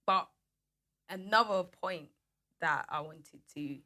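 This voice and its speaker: A woman co-hosting a podcast, chatting casually with playful, quick banter. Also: medium pitch, animated, a bit bright. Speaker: podcast co-host. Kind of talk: casual chat.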